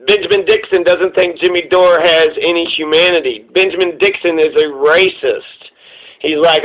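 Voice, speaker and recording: Profane high-voiced male commentator, tinny sound. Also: fairly even intonation, normal speed. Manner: profane, heated and sarcastic. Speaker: political commentary host. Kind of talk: casual reaction commentary.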